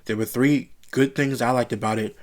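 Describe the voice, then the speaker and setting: A man with a voice of ordinary middle pitch recaps a wrestling broadcast in a casual solo review. He is blunt and opinionated. He often repeats himself as he complains. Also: steady tone, normal speed. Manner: blunt, opinionated and repetitive, frustrated rants.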